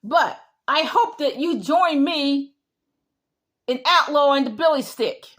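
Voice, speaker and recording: A woman's voice: high-pitched, lively intonation, slow, a bit bright. A middle-aged woman giving an emphatic opinion monologue, repeating her points in a lecturing way. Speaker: vlogger.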